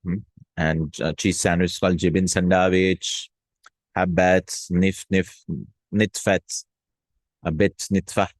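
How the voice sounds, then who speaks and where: A man teaching vocabulary in a casual lesson, repeating words slowly and checking in with "hmm?" and "no?". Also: sits low, level tone, dry recording. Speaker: Arabic teacher.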